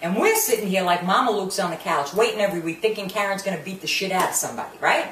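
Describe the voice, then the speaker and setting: A woman's voice: medium pitch, fast, a bit bright, recorded from a distance, slight background noise. A woman ranting through a profane review of a reality show, cursing and throwing in swears. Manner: brash, swearing, drops Italian curses, mocks cast members. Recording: echoey room, voice a bit off-mic, faint ambience.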